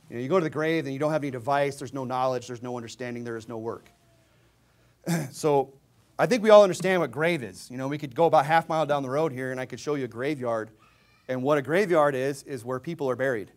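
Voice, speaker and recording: A man preaching a sermon, swinging between low asides and loud, emphatic readings of scripture, mocking the views he argues against. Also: fairly quick. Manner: mocking, mimics opponents' views.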